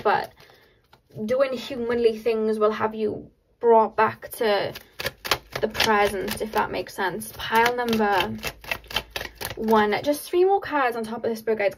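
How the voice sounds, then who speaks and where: A woman giving a casual pick-a-card tarot reading to her viewers, excitable and laughing often between many filler words. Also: mid-range voice, slight background noise, rough recording.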